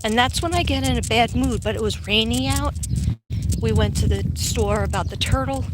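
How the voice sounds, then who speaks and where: Here the same kind of clip has a noisy background: a middle-aged woman, a psychic vlogger, rambles through a casual live stream while walking outside and reads out comments from viewers. She speaks at a normal speed in a slightly high voice.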